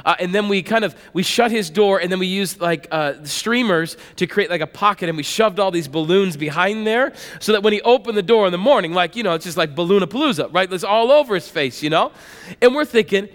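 A man in his thirties preaching a sermon in a conversational, animated storytelling way that is full of repetitions. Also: sits high, quick pace, big-room sound. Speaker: pastor.

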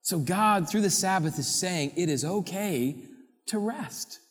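A man preaching a sermon to a congregation, animated and playful, firing off rhetorical questions. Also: high voice, measured pace, in a large hall. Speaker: pastor.

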